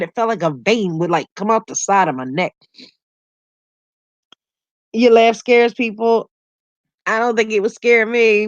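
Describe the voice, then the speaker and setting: A middle-aged woman hosting a casual livestream, chatting with viewers, laughing often and telling animated stories. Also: mid-range voice, no room sound. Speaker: YouTube livestream host. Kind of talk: casual livestream chat reading comments.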